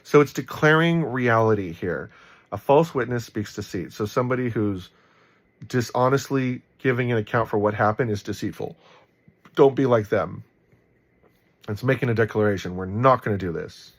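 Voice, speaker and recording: A man giving casual Bible commentary in a relaxed, rambling way, full of ums and likes, with a warm, encouraging tone. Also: mid-range voice, moderate pace.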